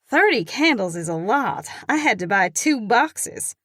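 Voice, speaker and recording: A playful woman , as a narrator puts her on teases brightly at a birthday table, raised and lively against the narration. The sound stays dry and close. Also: fairly high pitch, unhurried, no room sound, pitched above the performer's own voice, full character voice. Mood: teasing.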